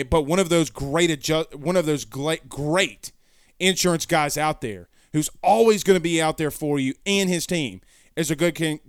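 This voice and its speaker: A man's voice: a little high, smooth, no echo, studio quality. Chatty man hosting a sports show. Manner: rambling, self-correcting, folksy. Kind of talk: casual live-stream chat reading comments.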